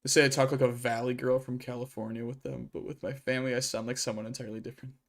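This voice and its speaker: A young adult man hosts a laid-back livestream Q&A while gaming, rambling and chatting with lots of fillers and false starts. He's the channel's streamer, speaking quickly at a medium pitch with a flat, level tone.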